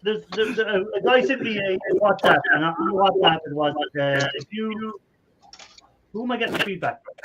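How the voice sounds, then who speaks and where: A man's voice: sits high, normal speed, highs cut off, over a noisy crowd. A man hosting a casual live stream over a video call, chatty, with lots of fillers and laughter. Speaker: host.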